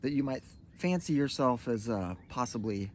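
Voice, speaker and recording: A man's voice: medium pitch, expressive, moderate pace, slight background noise. Rambling, easygoing man chatting at home. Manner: rambling, hesitant, lots of fillers. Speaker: co-host of a couples' video. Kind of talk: casual chat.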